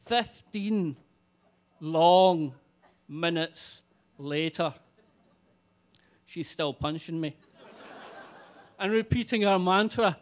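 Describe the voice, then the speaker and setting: A man telling a comic personal story live on stage, animated and swearing freely. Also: fairly high pitch, very slow, long pauses.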